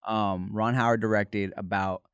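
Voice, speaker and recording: A man co-hosting a podcast, animated and laughing, telling a story in casual chat full of fillers. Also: lowish voice, normal speed, clean tone, no room sound, clean studio sound. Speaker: podcast co-host, actor.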